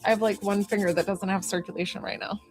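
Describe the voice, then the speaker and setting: A young woman working as a psychic medium, chatting to viewers on a live stream in a gushing, bubbly way, full of "like" and excited squeals. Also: mid-range voice, fast. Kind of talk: live-stream reading and chat.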